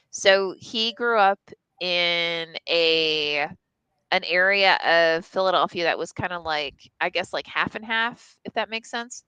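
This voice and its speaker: A woman's voice: fairly low pitch, pushed and bright, clean tone, no echo, low-quality recording. A woman telling a candid personal story on a live stream, casual and profane, full of "like" and restarts. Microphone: live stream mic.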